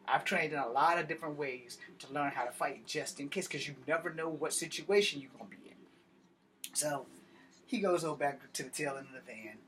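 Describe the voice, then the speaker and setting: A young man tells a story on his own. His voice sits a little high for a man, and his delivery is brash and profane, with animated turns as he acts out each person's lines. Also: slight background noise. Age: young adult. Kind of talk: casual storytelling monologue.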